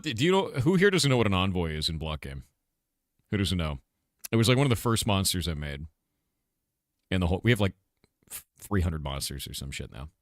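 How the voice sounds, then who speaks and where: A man's voice: on the low side, dry recording, clean studio sound. A man, a game developer, talking casually with his livestream chat. He asks viewers questions, muses aloud and breaks into emphatic outbursts. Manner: animated, with sudden emphatic outbursts.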